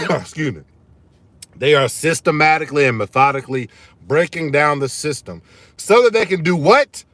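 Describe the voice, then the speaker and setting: A man's voice: fairly high pitch, animated, moderate pace, long pauses, a bit bright, no room sound. A man hosting his own live stream, talking casually and emphatically to his viewers, calling them y'all and repeating his points. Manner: fired-up, emphatic, repeats key phrases, addresses viewers as y'all. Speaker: channel host streaming live.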